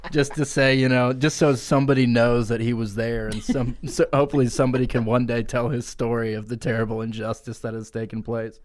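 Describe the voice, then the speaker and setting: A man co-hosting a comedy podcast, telling an improvised crude story with laughter and lively swearing. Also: mid-range voice, a little fast. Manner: crude, laughing, animated riffing. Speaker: podcast co-host.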